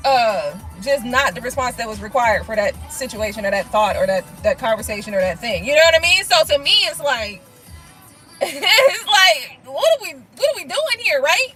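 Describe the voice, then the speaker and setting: A woman hosting a casual tarot live stream, reading viewer comments and talking bluntly with lots of swearing and quick laughs. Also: sits high, poor audio. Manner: blunt, profane, animated, laughs things off.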